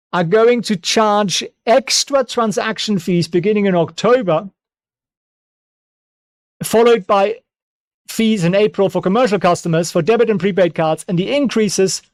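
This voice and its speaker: Casual stock analysis comes from a high-pitched man running an investing channel, who jokes excitedly and often repeats things. The recording is dry.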